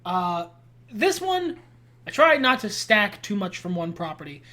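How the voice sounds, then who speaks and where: A woman's voice: mid-range voice, very animated, measured pace, pushed and bright. A woman co-hosting a podcast, chatting casually and teasing in a playful, theatrical way. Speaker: podcast co-host. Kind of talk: casual chat.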